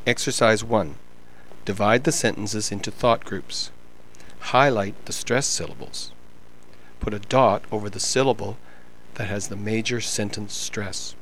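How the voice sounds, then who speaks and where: A man narrating a pronunciation lesson in a measured, explanatory reading style. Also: on the low side, a bit bright, a little hiss or hum. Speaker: pronunciation instructor.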